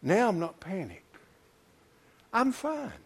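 An older man preaching a sermon, telling a folksy story and swinging from low murmurs to loud high exclamations. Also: huge pitch swings, slow, slightly rough. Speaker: pastor.

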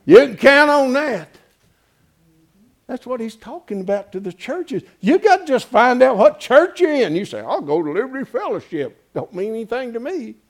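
A man preaching a sermon in a folksy, animated way, with exclamations of praise. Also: extremely high pitch, fairly quick, hardly any pauses. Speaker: pastor.

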